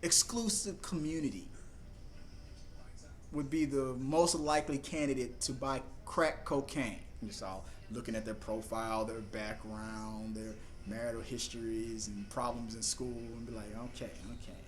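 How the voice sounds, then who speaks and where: A young man hosting a live TV reaction, rambling and joking excitedly as he talks over the episode. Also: measured pace, faint music behind. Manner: excitable, rambling, jumps into high put-on voices for jokes. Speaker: reaction video host.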